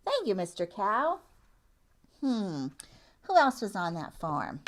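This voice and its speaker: A woman children's librarian leading a storytime for young children, talking and singing in an animated sing-song way, with gasps and animal sounds. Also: medium pitch, a little slow.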